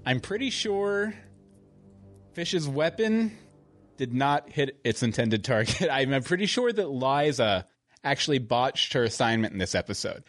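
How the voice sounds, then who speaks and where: A man with a mid-range voice hosts a podcast in relaxed chat. He rambles, chuckles often and fixes his wording as he goes along. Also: mid-range voice, measured pace, no room sound, faint music behind. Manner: rambling, chuckling, self-correcting. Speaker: podcast host. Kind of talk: casual chat.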